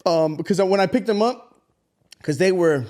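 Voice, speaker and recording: A man in his thirties co-hosting a podcast, telling a story in casual, profane chat and acting out the voices with big jumps in pitch. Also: moderate pace, a little mellow. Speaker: podcast co-host.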